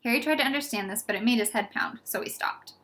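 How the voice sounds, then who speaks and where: Bright-voiced woman reading a storybook aloud. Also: fairly high pitch, quick pace. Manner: lively, expressive reading. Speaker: audiobook reader.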